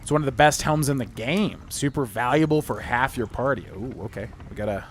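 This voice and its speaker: A man's voice: mid-range voice, brisk, a little hiss or hum. A man streaming a role-playing game, chatting casually and reading in-game text aloud. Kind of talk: casual gameplay commentary.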